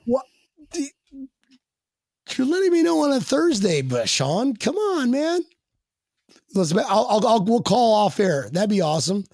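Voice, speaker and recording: A man with a husky, breathy voice rambles through casual stories, swearing freely and laughing along the way. He is recorded close on a dry mic with no room sound. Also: high voice, big pitch swings, measured pace, long pauses, darkish tone, no echo. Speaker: guest fan. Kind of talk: casual podcast chat.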